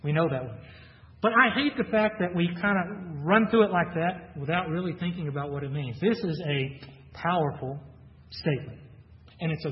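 A man preaching an expository sermon, reading scripture aloud and then explaining it earnestly. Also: fairly high pitch. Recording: muffled, reverberant hall recording.

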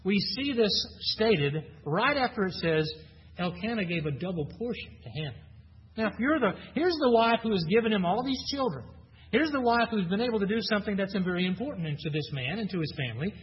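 A man's voice: sits high, lively intonation, brisk, breathy edge. A man preaching a sermon, teaching through a Bible passage in a conversational way, often asking his listeners questions and repeating himself. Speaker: pastor. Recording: dull lo-fi recording with long hall reverb.

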